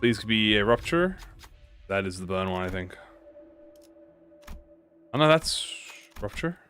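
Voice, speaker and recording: A young man chats his way through a video game, excitable and full of slang, dropping curses as he reasons out his moves. His pitch swings widely from low mutters to high yelps, with faint game music running in the background. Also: measured pace. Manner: excitable, slangy, swears casually, thinks aloud. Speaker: gaming YouTuber. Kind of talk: casual let's-play commentary.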